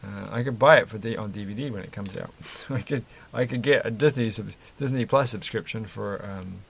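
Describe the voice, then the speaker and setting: A man talks in a loose, rambling way, chuckling and correcting himself as he goes. His voice sits low with a gravelly fry to it. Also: brisk. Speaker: Lego build vlogger. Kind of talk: casual chat while building.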